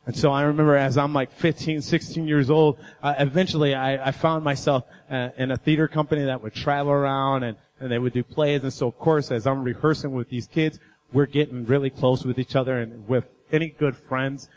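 A man's voice: mid-range voice, fairly even intonation, fairly quick, rough recording. Earnest man preaching a testimony. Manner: earnest, storytelling, builds in intensity. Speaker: guest speaker. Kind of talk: personal testimony sermon.

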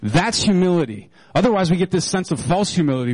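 A middle-aged male pastor preaching a sermon in an animated, joking manner. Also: quick pace, hardly any pauses, dry recording, rough recording. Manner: animated and joking, with wide swings in pitch.

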